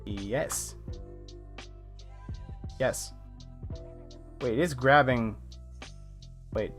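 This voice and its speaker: A man's voice: a little high, animated, normal speed, a bit bright. Rambling young streamer guy. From United States. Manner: chatty, rambling, many fillers, laughs often. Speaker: art streamer. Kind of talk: casual live-stream chat. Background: faint lo-fi music.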